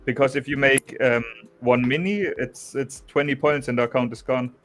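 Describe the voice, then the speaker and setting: Casting note: young German-accented man, easygoing chat, frequent restarts, mid-pitched. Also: moderate pace. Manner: relaxed, restarts often, says "bro" and "you know". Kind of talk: casual chat.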